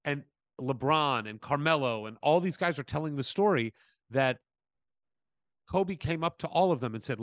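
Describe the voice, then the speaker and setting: Man, podcast co-host, lively storyteller, casual chat, dry close sound. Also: on the high side, moderate pace, no room sound. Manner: animated storyteller, acts out quotes.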